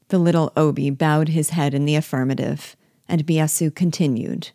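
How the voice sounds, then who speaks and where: Low-voiced woman reading a novel. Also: steady tone, normal speed, mellow, dry recording, studio quality. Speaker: audiobook reader. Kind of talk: reading a classic novel aloud.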